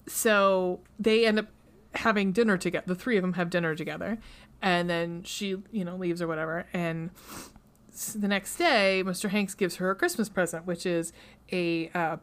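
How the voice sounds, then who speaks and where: A woman's voice: lowish voice, moderate pace, fairly bright tone. A woman hosting a podcast, casually retelling a movie plot in a rambling, chatty way with many fillers, into a studio mic. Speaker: podcast host.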